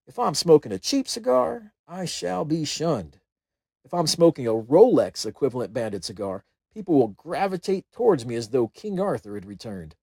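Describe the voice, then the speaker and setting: A man's voice: a little high, very animated, normal speed, creaky, darkish tone, breathy edge, dry recording, studio quality, full character voice. A man voicing a proud male army sergeant who lectures about cigars in a grand, knowing way. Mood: proud lecturing.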